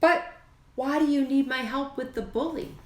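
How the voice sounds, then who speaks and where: A woman's voice: high-pitched, moderate pace, echoey room, pitched above the performer's own voice, natural voice. A woman voicing a bold, playful boy kitten who thinks he's a chihuahua, in a sing-song, dramatic storybook manner.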